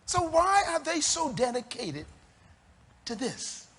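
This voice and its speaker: A man's voice: extremely high pitch, big pitch swings, measured pace, fairly bright tone, slightly rough. A man preaching a sermon to a church congregation, emphatic and teasing, repeating his key phrases. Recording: long hall reverb.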